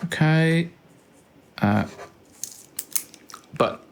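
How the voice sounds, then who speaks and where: A man's voice: medium pitch, lively intonation, slow pace, creaky, slight background noise. A man hosting a let's play, thinking aloud and reading out game commands with dry asides. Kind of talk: casual gameplay commentary.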